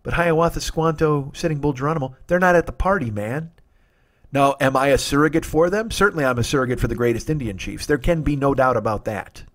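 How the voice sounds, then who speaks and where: A man's voice: mid-range voice, brisk, a bit bright. Guy in his 40s ranting about food for his podcast, swears a lot, rambly and nostalgic. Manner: profane, rambling, nostalgic rants. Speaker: comedy podcast host. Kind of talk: rambling comic monologue.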